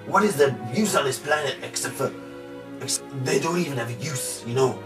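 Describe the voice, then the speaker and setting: A brash, bragging male rugby player, played by a man who rambles on, stuffing every thought with filler words. He sounds set back from the mic in a roomy space. Music plays clearly behind him. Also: mid-range voice, expressive, normal speed, lightly acted. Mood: blustering. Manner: rambling, boastful, packed with "like" and "you know". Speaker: comic character in an amateur trailer. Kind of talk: improvised comedy monologue. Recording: roomy amateur video from far off with music.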